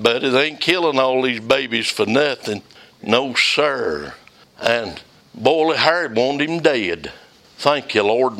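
A man's voice: mid-range voice, fairly bright tone. Fervent older preacher man. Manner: fervent, folksy, calls out congregation members by name. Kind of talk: sermon.

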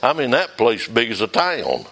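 A man's voice: mid-range voice, huge pitch swings, normal speed, vocal fry, a bit bright. A man, a revival preacher telling a folksy story from the pulpit and calling on listeners by name.

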